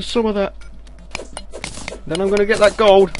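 A man giving casual gameplay commentary on a headset, excitable, breaking into loud exclamations and talking back to enemies on screen. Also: high-pitched, normal speed. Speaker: video game let's player. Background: game music.

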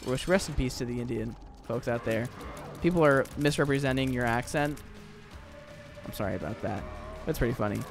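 A man's voice: medium pitch, brisk, creaky, music in the background. A young man rambling through casual gameplay commentary, full of fillers and restarts. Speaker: gaming YouTuber.

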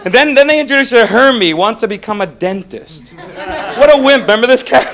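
A stand-up comedian from Florida works a live audience, animated and quick to burst into shouted impressions. His voice sits high and swoops through a wide range. The crowd laughs loudly around him.

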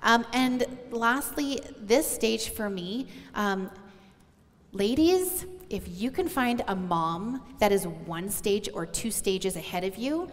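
A woman's voice: medium pitch, animated, slow. Woman, middle-aged, earnest and heartfelt, conversational sermon, church hall reverb. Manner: earnest, heartfelt, addressing moms directly. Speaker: pastor's wife sharing on stage. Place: church auditorium.

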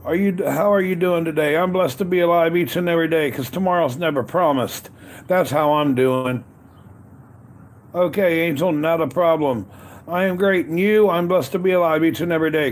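A slightly high, darkish voice belongs to a man livestreaming casually from an outdoor grill in cold weather. Over and over, he welcomes chat viewers by name using the same upbeat catchphrases.

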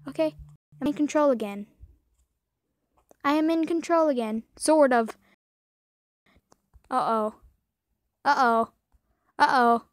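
A young woman with a high voice, narrating her gameplay in a slow drawl that keeps erupting into profane rants and yelps. The sound is dry and close, with no room around it. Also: lively intonation, no echo. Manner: profane, raging outbursts and shrieks. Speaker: gaming YouTuber. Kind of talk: gameplay commentary.

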